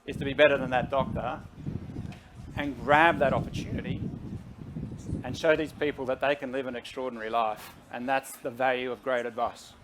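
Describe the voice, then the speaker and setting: A man's voice: mid-range voice, moderate pace. Middle-aged man, medium voice, persuasive guest speaker who talks straight to the crowd, faint hiss behind. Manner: energetic, persuasive, talks to the audience directly. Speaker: guest CEO. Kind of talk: conversational stage interview.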